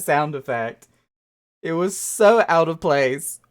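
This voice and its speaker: A game streamer chats casually with live viewers, excitable and quick to laugh, often trailing off and repeating words while hunting for the right ones. The voice is medium-pitched.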